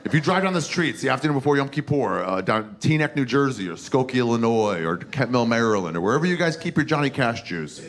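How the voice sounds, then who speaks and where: A man's voice: medium pitch, sing-song, quick pace, hardly any pauses. A man hosting a podcast sign-off and then telling a crude, rambling stand-up story. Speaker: podcast host and comedian.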